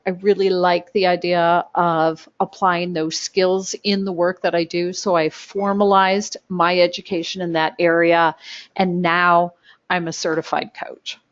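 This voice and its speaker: A woman's voice: fairly low pitch, fairly even intonation, unhurried. A middle-aged woman leads a webinar on coaching, explaining in a friendly, upbeat manner and laughing often. Her voice sounds dull and muffled, as if recorded through a basic mic. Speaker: coaching instructor and webinar host. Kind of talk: webinar teaching.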